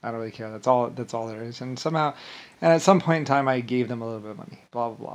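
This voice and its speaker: Man, agitated rant, mid-pitched voice, profane, repetitive, stumbling restarts. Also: very fast, muffled recording. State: agitated and angry. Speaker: vlogger. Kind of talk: angry rambling monologue.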